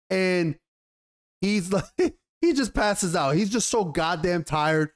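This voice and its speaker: A man giving a casual, animated TV episode review in slangy talk, often repeating himself. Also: high voice, slow, pauses often. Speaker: TV show reviewer.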